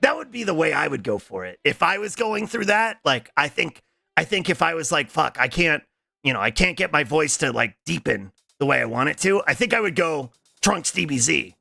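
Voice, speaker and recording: A young man streaming, chatting casually to his viewers, rambling and swearing as he slips into quick voice impressions. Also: on the high side, big pitch swings, gravelly, bright, forceful tone, dry recording. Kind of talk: casual livestream chat.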